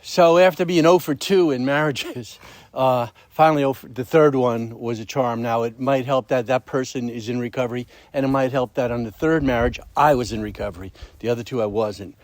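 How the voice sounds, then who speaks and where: A middle-aged man telling a story at a recovery meeting in a casual, animated way, swearing and acting out the voices of the people in it. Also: mid-range voice, brisk, no room sound. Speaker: speaker sharing at a recovery meeting.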